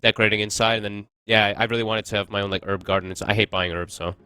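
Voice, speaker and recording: A man's voice: lowish voice, little pitch movement, fast talker, sharp tone, clean tone. A man casting an esports match, chatty and analytical, thinking aloud as he breaks down the picks. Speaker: esports caster. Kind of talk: casual esports commentary.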